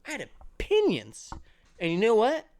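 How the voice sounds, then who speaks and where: A man's voice: high-pitched, huge pitch swings, normal speed, a little mellow. A young American man talking to camera in a nervous, rambling, self-deprecating way. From United States. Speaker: YouTuber. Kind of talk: casual monologue to camera.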